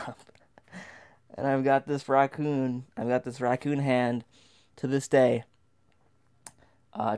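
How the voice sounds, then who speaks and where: A man's voice: mid-range voice, a little mellow, smooth. A man telling a comic tall tale as a dramatic monologue, stammering and restarting often. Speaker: storyteller.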